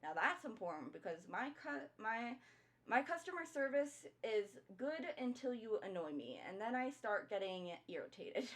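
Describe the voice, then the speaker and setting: A woman's voice: a little high, very animated, moderate pace, a bit bright. A young woman streamer chatting casually while she draws, telling a work story with frequent swearing and laughter. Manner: chatty, swears often, laughs between lines. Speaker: streamer and artist.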